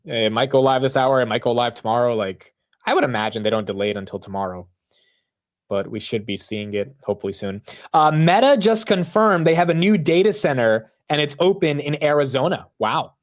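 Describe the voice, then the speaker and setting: A man hosting a live market stream, talking loudly and animatedly in casual commentary, often poking fun at himself. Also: mid-range voice, a little fast. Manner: loud, animated, self-mocking. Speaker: livestream market show host.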